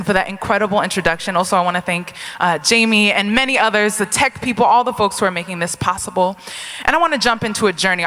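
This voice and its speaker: A woman speaks from the stage of a large lecture hall, her bright, clear voice carrying a long reverb tail. She talks energetically and keeps pulling the crowd into call-and-response. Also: mid-range voice, slight background noise. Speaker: keynote speaker and hip hop activist. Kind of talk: live keynote address.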